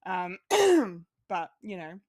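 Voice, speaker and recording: A woman's voice: on the low side, sing-song, very slow, a little mellow, dry recording, clean studio sound. A woman co-hosting a podcast, chatting casually in a rambling way, with lots of fillers, restarts and swearing. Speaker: podcast co-host.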